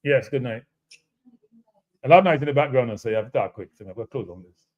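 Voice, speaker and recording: A man's voice: medium pitch, expressive, fast talker, a little mellow, lo-fi sound. A man with a Jamaican accent hosting a casual football analysis show, repeating points emphatically and calling his viewers "people". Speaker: host of a live football show.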